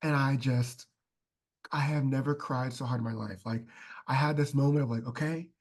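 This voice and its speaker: A man's voice: mid-range voice, fairly even intonation, normal speed. A man, a podcast guest, chatting casually and telling heartfelt stories full of fillers. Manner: heartfelt storytelling, many fillers like "like".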